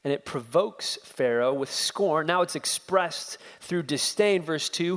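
A man's voice: on the high side, moderate pace, few pauses. Male preacher, expository sermon, dramatic and questioning, reverberant hall.

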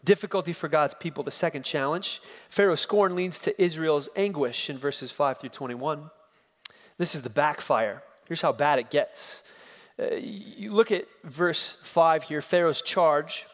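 A man's voice: on the high side, unhurried, fairly bright tone. Male preacher, expository sermon, dramatic and questioning, reverberant hall.

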